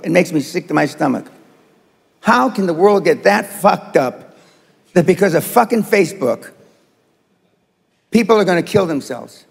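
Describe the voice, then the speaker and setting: A high-pitched, gravelly older man lectures a seminar crowd, blunt and profane, jabbing at the audience. His voice rings out in a reverberant live hall. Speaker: seminar speaker. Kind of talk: motivational seminar talk.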